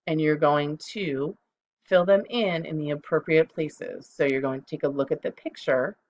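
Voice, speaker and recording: Middle-aged lady teacher, low gravelly voice, dull lo-fi laptop recording. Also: darkish tone, slight background noise. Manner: slow, clear, spells words out letter by letter. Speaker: second grade teacher. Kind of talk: recorded phonics lesson for children.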